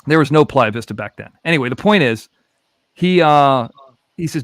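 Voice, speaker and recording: A man's voice: medium pitch, fairly quick, dry recording. A man in his thirties from the Los Angeles area, telling a story in a casual podcast chat, swearing freely and acting out both sides of phone calls. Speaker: podcast host.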